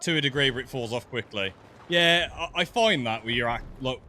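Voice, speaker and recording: A man with a softened Black Country accent chatting casually while streaming a game, laughing often and stumbling over his words. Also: medium pitch, a little fast, slight background noise. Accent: Black Country English, softened. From English West Midlands. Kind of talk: casual chat while gaming.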